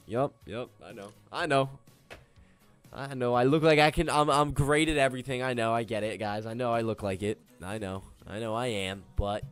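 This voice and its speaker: A young man sits at his trading screens and talks to his live viewers in a loose, joking way. His pitch sits in the middle range, and faint music plays softly behind him. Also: no room sound. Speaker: livestreaming day trader. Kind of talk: casual live stream chat.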